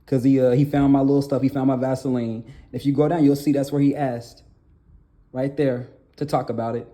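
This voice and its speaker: Halting, pleading young man with a mellow voice. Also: medium pitch, level tone. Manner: halting, repeats phrases, pleading and insistent. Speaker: documentary narrator telling his own story. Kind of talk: emotional personal testimony.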